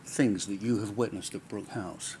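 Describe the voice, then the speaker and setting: Male counsel, low voice, formal and pressing, questioning a witness. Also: fairly even intonation, normal speed, warm tone, a little hiss or hum. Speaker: inquiry counsel.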